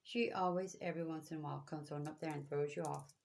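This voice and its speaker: A woman's voice: sits low, steady tone, quick pace, gravelly, darkish tone. A woman giving spiritual guidance to viewers, talking in a preachy, repetitive, emphatic way. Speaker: spiritual reader.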